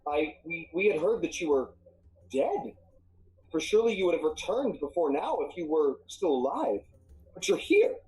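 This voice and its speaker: Man playing a soft-spoken lioness-like hatmaker lady, gentle and breathless. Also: fairly high pitch, a little slow, rough recording. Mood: stunned. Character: shocked tabaxi milliner woman, gentle.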